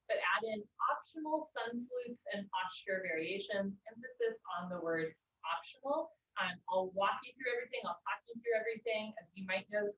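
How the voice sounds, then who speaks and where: A woman teaching a live yoga class, giving brisk step-by-step cues for breath and posture over a video call. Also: mid-range voice, a bit bright, a little hiss or hum. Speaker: yoga instructor. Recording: roomy, distant, dull video-call audio.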